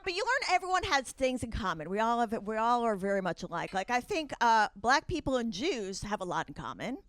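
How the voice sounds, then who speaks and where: A woman performing stand-up, her voice sitting fairly high and swinging widely in pitch. She talks briskly and conversationally, slipping into wry asides. A faint hiss sits under the recording. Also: very animated, a bit bright. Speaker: stand-up comedian. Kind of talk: stand-up set, then a short chat with the host.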